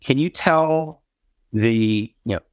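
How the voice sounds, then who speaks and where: A man asking the guest an earnest, halting question on a video call. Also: medium pitch, smooth, dry recording, clean studio sound. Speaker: audience member asking a question. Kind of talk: asking a question in an online interview.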